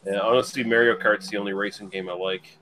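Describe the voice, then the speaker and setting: Fast, crude, animated male podcast co-host, mid-range voice. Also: on the low side, a crowd in the background, rough recording. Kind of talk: casual podcast chat.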